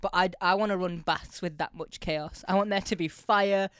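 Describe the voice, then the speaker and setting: A woman's voice: fairly low pitch, steady tone, moderate pace, a bit bright, clean tone. A young adult woman co-hosting a casual podcast, laughing often and acting out scenes. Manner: laughs often, acts out scenes in silly voices. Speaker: podcast co-host. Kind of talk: casual chat.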